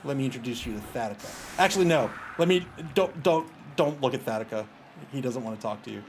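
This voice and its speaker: A man's voice: mid-range voice, lively intonation, quick pace, slight background noise. A man casually commentating his own video game match, taunting his opponent and chatting with viewers. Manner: banters with chat, taunts opponents, laughs.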